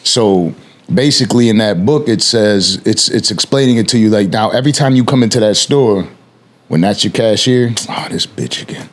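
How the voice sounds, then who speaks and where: Low-voiced man hosting, acting out scenes. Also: moderate pace. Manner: storytelling, acts out scenes in quoted voices. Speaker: podcast host. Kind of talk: casual podcast conversation.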